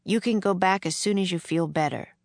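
Woman voicing a calm, caring young boy. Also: lowish voice, fairly quick, dry recording, lightly acted. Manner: calm, soft-spoken.

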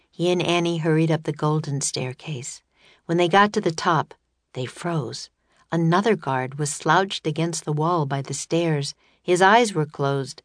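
A woman narrating a children's audiobook in a steady, measured reading voice. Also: deep voice, dry recording.

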